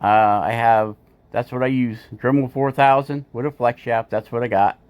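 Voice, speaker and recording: A man's voice: mid-range voice, fairly even intonation, moderate pace, muffled recording. A man hosting his woodcarving channel, talking casually in a rambling, self-mocking voiceover with many fillers. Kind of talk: casual voiceover while carving. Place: home woodworking shop.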